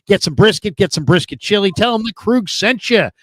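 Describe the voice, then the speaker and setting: High-energy man hosting a sports show. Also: a little fast, dry recording. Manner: energetic, booming hype delivery. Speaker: sports talk show host. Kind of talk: live-stream sports talk with sponsor reads.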